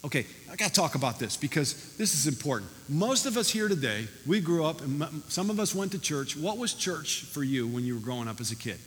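Male pastor, emphatic sermon delivery, high bright voice, long church reverb with faint room noise. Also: a little fast, few pauses. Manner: animated, emphatic preaching. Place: church hall.

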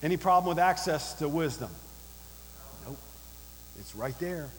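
A man's voice: fairly high pitch, measured pace, long reverb tail, poor audio. A male pastor preaching a sermon, emphatic and direct, firing rhetorical questions at the congregation.

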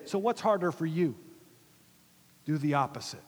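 A man preaching a sermon as pastor, swinging from loud emphatic lines to hushed whispers. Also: a little high, expressive, moderate pace, pauses often, long reverb tail.

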